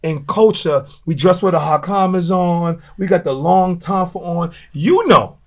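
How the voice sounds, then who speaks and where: A man who owns a martial arts school, telling profane, animated stories in a casual podcast discussion, often stammering as he restarts. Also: high-pitched, unhurried.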